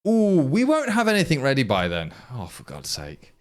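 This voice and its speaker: East midlands guy rambling through his code on stream, voice bounces all over, mid pitch. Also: wildly swooping pitch, normal speed. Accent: East Midlands English. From England, Leicestershire. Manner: thinking aloud, rambling, answering chat. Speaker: programmer livestreaming his coding. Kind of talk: casual live-stream chat while coding.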